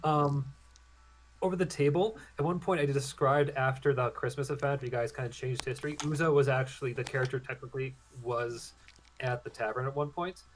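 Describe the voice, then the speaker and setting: Brief: male game master, mid-pitched voice, halting narration full of ums, faint hiss in the background. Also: steady tone, low-quality recording. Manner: hesitant, many ums and restarts.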